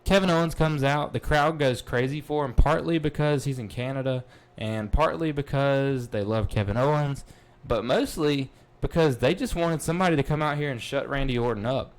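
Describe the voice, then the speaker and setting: Male podcast host, mid-pitch, excitable and blunt, casual wrestling recap. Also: moderate pace. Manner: excitable, blunt, swears freely.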